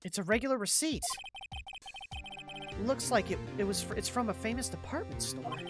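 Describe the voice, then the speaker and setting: A woman streaming a game live, talking casually, getting excited and swearing, repeating words when worked up. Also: mid-range voice, normal speed, loud music behind the voice. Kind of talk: casual live gameplay commentary.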